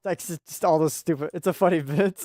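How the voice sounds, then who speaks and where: A young gaming channel host does laid-back let's-play commentary in a high-pitched, slightly mellow voice. He laughs often and trips over his words, recorded on a desk mic with no echo.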